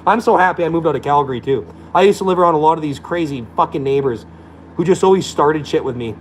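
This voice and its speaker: A man's voice: a little high, fast talker, a little hiss or hum, low-quality recording. A man delivering a blunt, profane, scornful rant to camera as a vlogger. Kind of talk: profane ranting monologue.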